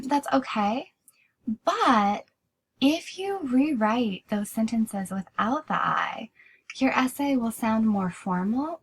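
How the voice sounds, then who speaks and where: A woman's voice: fairly high pitch, husky, rough recording. A woman teaching a writing class in a recorded lecture, explaining steadily and often restarting with "so".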